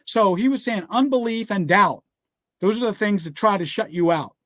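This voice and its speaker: A man with a notably high speaking voice gives a motivational speech that mixes business success with scripture. He talks emphatically, keeps asking his listeners to write things down and keeps checking in with "all right?" The sound is dry, with no room echo. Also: animated, moderate pace, fairly bright tone. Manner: repeats "guess what" and "all right".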